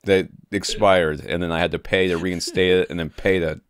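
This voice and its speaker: A man's voice: low-pitched, fairly even intonation, moderate pace, clean tone. A man from the United States co-hosting a podcast, chatting casually with a joking, rambling manner and frequent chuckles. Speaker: podcast co-host. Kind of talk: casual chat.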